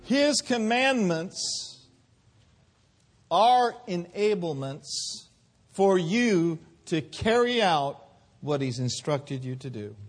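A man preaching a sermon in a church, with call-and-response and drawn-out emphasis. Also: high-pitched.

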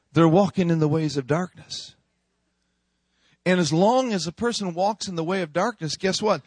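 Male preacher, high voice, unhurried emphatic sermon, dry close sound. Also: husky, no room sound. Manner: emphatic, call-and-response preaching.

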